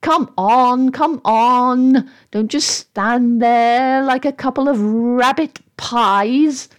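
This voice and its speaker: A rude unseen doorkeeper barks at visitors, impatient and mocking, as a woman storyteller puts the voice on. The delivery is pitched a touch high and slides around a lot. It sounds like a character voice from a storybook reading. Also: expressive, moderate pace. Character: rude, scornful invisible doorkeeper behind a door.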